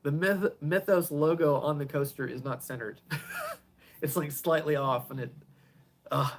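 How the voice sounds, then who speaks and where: An easygoing man chatting through a live stream from his home garage, answering questions one after another. He rambles, laughs a lot, and lets his sentences fade out softly. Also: a little high, steady tone, a little slow, slight background noise. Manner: rambling, chuckles often, trails off quietly. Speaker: pedal builder hosting a live stream. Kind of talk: casual live-stream chat answering viewers.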